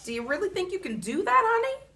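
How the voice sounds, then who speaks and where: A woman voicing a patient, kindly grandfather who speaks gently and soothingly. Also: very high voice, big pitch swings, fast, voice pushed up, heavily acted. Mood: gentle.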